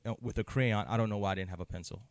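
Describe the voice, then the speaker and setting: A man's voice: on the low side, very fast, crowd noise. A man co-hosting a casual podcast, telling personal stories frankly and with a lot of profanity. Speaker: podcast co-host.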